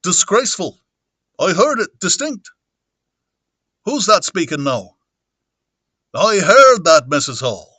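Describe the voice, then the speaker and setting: A man's voice: high voice, very animated, slow pace, pauses often, bright, forceful tone, breathy edge, dry recording, pitched above the performer's own voice, heavily acted. A man voicing a nasal, stuffy village man who is easily startled, sounding as if he has a cold, for an audiobook.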